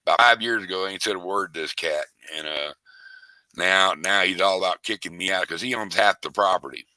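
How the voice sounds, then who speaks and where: Older man, rambling folksy storyteller; low sharp voice, dry close sound. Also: a little fast, no room sound. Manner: rambling, folksy and profane, with many restarts. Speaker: interviewee. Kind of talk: casual storytelling.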